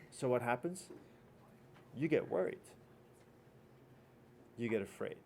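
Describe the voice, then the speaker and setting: A man's voice: mid-range voice, lively intonation, slow pace, pauses often, slight background noise. A man giving a teaching lecture, telling a casual anecdote and acting out both doctor and patient.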